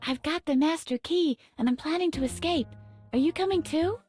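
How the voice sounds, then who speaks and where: A woman's voice: high voice, normal speed, darkish tone, lightly acted. A woman voicing plucky young asylum escapee Edna. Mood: determined. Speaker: game protagonist. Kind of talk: video game voice acting. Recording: game audio with faint music.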